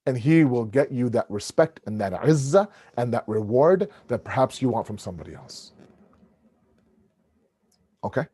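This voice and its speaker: A man with a booming voice giving an animated religious family lecture over a video call, often restarting his words. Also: normal speed, long pauses, breathy edge, no room sound.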